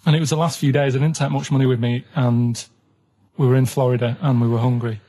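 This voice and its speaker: A man with a Manchester accent, a radio show regular, telling anecdotes in a flat, matter-of-fact way in a radio studio. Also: mid-range voice, fast talker. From England.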